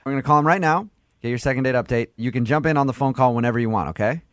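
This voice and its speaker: A man's voice: mid-range voice, rapid-fire, dry recording, studio quality. A man hosting a morning radio show, playful and teasing, laughing often as he talks to callers. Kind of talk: morning radio prank-call chat.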